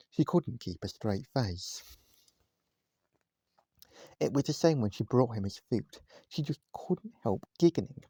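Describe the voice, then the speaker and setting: A man reading a children's storybook aloud at home, gentle and speaking straight to his listeners. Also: mid-range voice, slightly rough, no room sound, studio quality. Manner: gentle, addresses listeners directly. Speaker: vlogger reading a bedtime story. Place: at home, indoors, cat on his knee.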